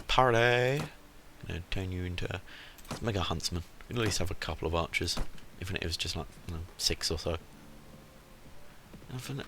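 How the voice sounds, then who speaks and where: A man giving casual let's-play commentary, rambling from one joke to the next and muttering asides under his breath. His voice is low with a bright, tense edge. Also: slight background noise. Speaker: gamer.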